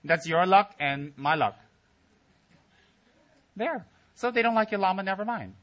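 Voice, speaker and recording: A man's voice: fairly high pitch, expressive, moderate pace, long pauses, dull audio. A man teaching at a Buddhist center, giving a humorous Dharma talk with teasing asides and mock voices.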